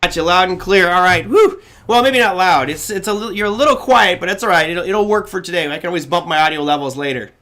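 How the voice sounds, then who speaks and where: A man's voice: sits high, quick pace, hardly any pauses, pushed and bright. A man hosting a casual live trading show, talking in a chatty, loose way and often correcting himself. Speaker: host. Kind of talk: casual livestream talk.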